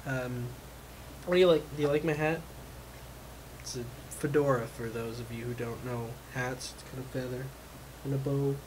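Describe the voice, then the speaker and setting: A man's voice: mid-range voice, steady tone, moderate pace. A man vlogging at home, rambling in a frustrated way with lots of fillers and a voice he says is going. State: losing his voice. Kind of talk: casual rambling vlog. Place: home room with his cat. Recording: noisy home recording.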